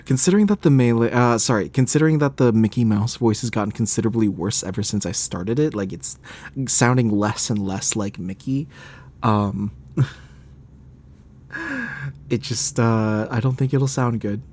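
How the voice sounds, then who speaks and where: A man's voice: fairly low pitch, normal speed, darkish tone. A man streaming a game, chatting casually, laughing often and grumbling about the game.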